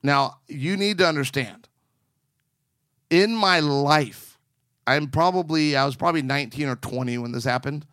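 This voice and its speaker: A man's voice: a little high, normal speed, no room sound. Middle-aged guy co-hosting a chat, telling a funny story from college, doing little voices, close dry mic. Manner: animated storyteller acting out quoted voices. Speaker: podcast co-host and marriage counselor.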